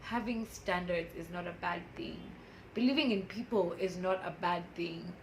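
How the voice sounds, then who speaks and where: A woman's voice: lowish voice, normal speed, a little hiss or hum, low-quality recording. A woman in her twenties speaking candidly and emotionally in a personal motivational vlog, laughing often. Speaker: vlogger.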